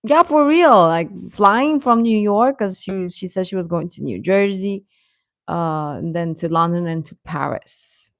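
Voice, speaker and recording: A woman's voice: lowish voice, a little slow, dry recording, clean studio sound. A young woman casually chatting with viewers on a livestream, reading the chat, laughing often and ranting in exasperation.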